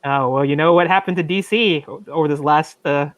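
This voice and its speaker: A man's voice: on the high side, brisk, fairly bright tone, dry recording. A man in a casual podcast chat who laughs a lot and keeps asking questions.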